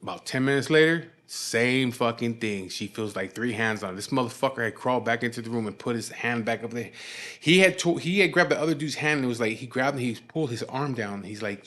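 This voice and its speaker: A man's voice: medium pitch, fairly bright tone. A man with a Chicano English accent telling a rambling, profane story from his past in casual speech, full of fillers and restarts.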